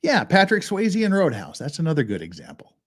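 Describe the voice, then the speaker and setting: A man's voice: fairly high pitch, wildly swooping pitch, a little fast. A man hosting a legal commentary show, talking casually in a rambling way with restarts and chuckles. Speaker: host of a legal commentary channel.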